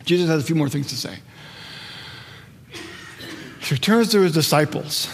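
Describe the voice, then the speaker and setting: A man's voice: on the high side, expressive, normal speed, big-room sound, slight background noise. A man preaching a conversational, earnest sermon as a pastor, often restarting and rephrasing his thoughts.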